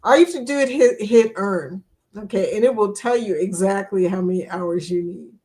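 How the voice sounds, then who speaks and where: A chatty woman hosts a relaxed live stream, talking straight to her viewers. She reads comments aloud and laughs easily between thoughts. Her voice sits at an ordinary middle pitch. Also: moderate pace. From England. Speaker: livestream host. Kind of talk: casual live chat.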